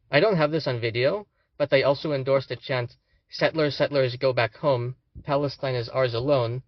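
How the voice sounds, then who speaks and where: A young man narrates a scripted commentary with sardonic, indignant asides. His voice sits at an ordinary middle pitch. The recording is dry and a little dull, like a lo-fi home voice-over. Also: dry recording. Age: young adult. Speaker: student commentator.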